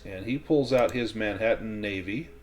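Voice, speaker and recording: A man as game master of a tabletop western game, calmly explaining the rules step by step. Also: on the low side, normal speed.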